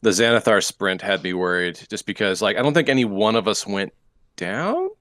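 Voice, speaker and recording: A player talks through a worrying fight in a measured way. The voice is low. The sound is dry and close, with no room around it. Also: fairly bright tone, no room sound. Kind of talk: casual group chat.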